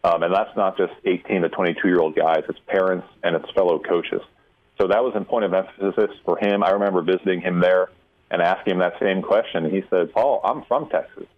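A man with a deep voice talks through a phone connection that sounds thin and boxy. He breaks down college football questions carefully, stressing his key points. It is the tone of a seasoned insider on call-in radio. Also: steady tone. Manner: measured, emphatic analysis. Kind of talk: radio interview answers. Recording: tinny phone line.

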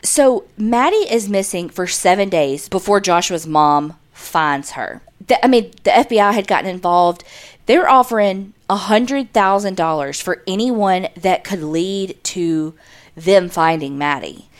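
A woman co-host recounting a true crime case in casual chat. She tells it with animated energy, curses freely, and keeps a conversational storytelling pace. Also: mid-range voice, unhurried. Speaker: podcast co-host.

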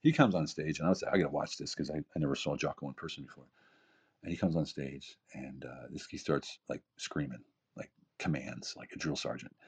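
A man in his fifties with a very deep, husky voice talks casually but emphatically as a podcast guest. He hammers points home with rhetorical questions and repetition. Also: fairly quick. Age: 50s. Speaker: podcast guest, keynote speaker and author. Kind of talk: casual motivational talk.

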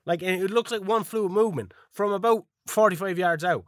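A man's voice: high voice, moderate pace, no echo, studio quality. A man co-hosting a podcast, boasting about his results and swearing freely as he tells it. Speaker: podcast co-host. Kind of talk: casual chat recapping a video game season.

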